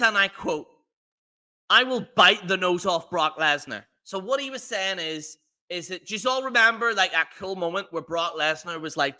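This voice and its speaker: A livestream host goes on a casual rant, profane, rambling, and mocking. His voice sits high and sounds bright and forceful.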